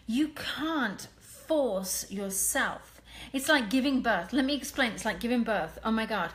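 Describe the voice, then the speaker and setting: An English woman speaks straight to her fans in a live stream, earnest and emphatic, with a slightly high voice. She is blunt and candid and lets a mild swear slip out now and then. She sounds close to a phone or webcam mic. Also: animated, measured pace. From England. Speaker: medium and clairvoyant.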